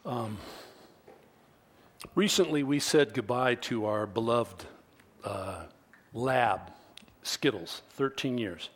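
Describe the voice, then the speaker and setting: A middle-aged male pastor preaching a sermon, deliberate and measured, dropping to near-whispers and then rising to emphatic peaks. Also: mid-range voice, expressive, husky. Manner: slow, deliberate preaching that swings from quiet to emphatic.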